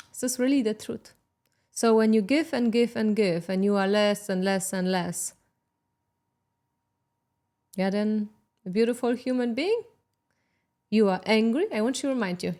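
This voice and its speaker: A woman's voice: mid-range voice, a little mellow. A woman hosting a self-help podcast, giving an emphatic motivational talk with sarcastic asides.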